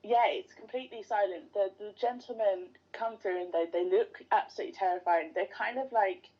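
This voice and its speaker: A woman's voice: mid-range voice, fairly quick. A woman guest on a podcast, chatting casually and enthusiastically like a fan. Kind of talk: casual interview chat. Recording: dull lo-fi sound.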